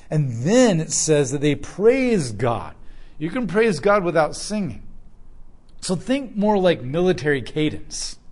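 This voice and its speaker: Guy preaching a sermon, kinda high voice, hammers points over and over. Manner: emphatic, repetitive, declarative preaching. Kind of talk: sermon teaching.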